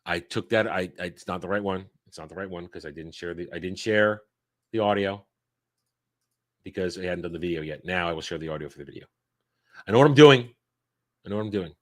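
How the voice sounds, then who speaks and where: A man hosting a live stream, commenting on a game trailer in an animated way and jokingly swearing at his chat. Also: low-pitched, a little fast. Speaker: streamer host.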